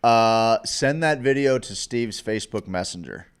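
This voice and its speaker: Casting: male co-host, relaxed, supportive, reads ad copy. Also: on the low side, unhurried, clear, resonant tone. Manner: short affirming interjections, reads sponsor plugs. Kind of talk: casual chat.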